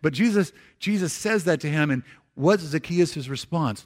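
A man giving a conversational sermon in church, slowing for scripture and dropping soft for emphasis, with frequent restarts. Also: fairly high pitch, lively intonation. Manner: repeats words and restarts phrases. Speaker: pastor.

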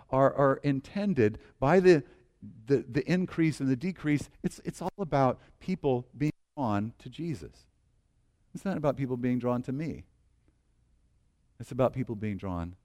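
A middle-aged male pastor preaching a sermon in an earnest way, dropping to hushed low phrases and rising to loud calls for the congregation to repeat after him.

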